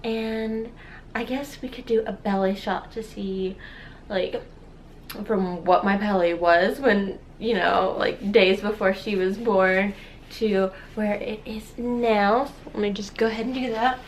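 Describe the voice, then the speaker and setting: A young woman in her twenties filming a casual personal vlog at home, speaking softly and rambling, with many fillers and tearful laughs. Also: medium pitch, fairly even intonation, a little slow, a little hiss or hum. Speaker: vlogger, new mother. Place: at home, holding her baby. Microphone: camera viewfinder.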